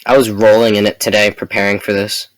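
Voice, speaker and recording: A young man chatting on a podcast with slow, deadpan jokes. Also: fairly low pitch, dry recording. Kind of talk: casual chat.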